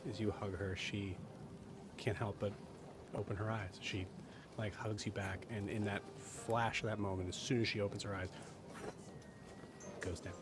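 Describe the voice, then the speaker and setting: A man's voice: lowish voice, level tone, normal speed, pauses often, over music. A man narrating as game master, hesitant and full of fillers.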